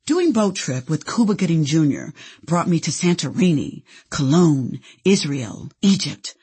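A woman's voice: low-pitched, big pitch swings, unhurried, warm tone, breathy edge. A woman from Indianapolis, an actress, narrating her own memoir in a candid, playful storytelling manner. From Indianapolis, USA.

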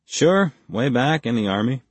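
A man's voice: mid-range voice, big pitch swings, unhurried, no room sound. Man voicing a terse, guarded ex-army major. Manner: laconic, clipped, dry replies. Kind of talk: audiobook character voice.

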